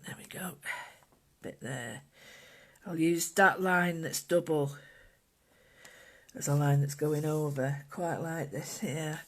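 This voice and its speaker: An art instructor giving a calm, gentle, casual drawing and painting tutorial, thinking aloud while working at a desk indoors. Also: medium pitch, slow pace, long pauses.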